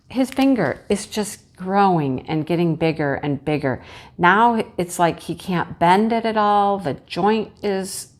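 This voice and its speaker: Middle aged lady chatting while she crafts, kinda low voice, telling a story, sympathetic. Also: a little hiss or hum. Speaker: crafting channel host. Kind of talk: casual chat while crafting.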